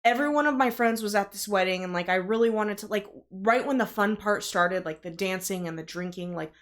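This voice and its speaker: A young woman co-hosting a casual podcast in a mid-pitched voice. She rambles through stories, padding almost every phrase with "like" and "you know". The delivery is loose and conversational. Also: brisk. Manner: chatty, fills talk with "like". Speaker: podcast co-host. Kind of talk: casual chat.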